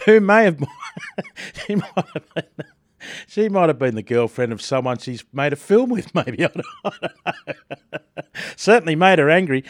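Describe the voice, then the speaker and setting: A man's voice: fairly high pitch, very animated, measured pace, pauses often, no room sound, clean studio sound. A man with an Australian accent hosting a breakfast radio show, telling stories and reading news in a chatty way, often laughing, with a sore throat.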